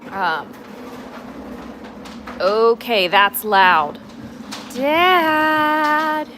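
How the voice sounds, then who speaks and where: A woman's voice: mid-range voice, a little slow, a bit bright, a little hiss or hum. A woman hosting a casual livestream at home, chatting to viewers and talking fondly to her dogs. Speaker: livestream host.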